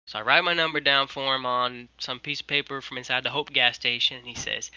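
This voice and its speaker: A young man tells a long story over a video call, animated and full of casual fillers. His voice is very bright and sharp, and it sounds close and dry. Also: mid-range voice, fast, hardly any pauses, clear, resonant tone, dry recording, poor audio. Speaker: guest, merch maker.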